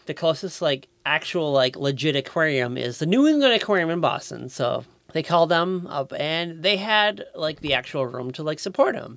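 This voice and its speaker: A man's voice: a little high, no echo. A man co-hosting a podcast, telling a story in casual chat, swearing a lot and loading his talk with fillers. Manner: profane, filler-heavy storytelling with loud put-on voices. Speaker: podcast co-host.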